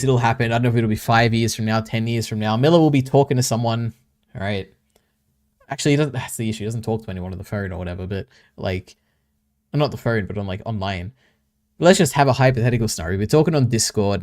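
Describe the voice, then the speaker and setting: Low-voiced man chatting on stream. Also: fast, darkish tone. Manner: reads chat aloud and banters back, chuckling often. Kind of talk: casual livestream chat.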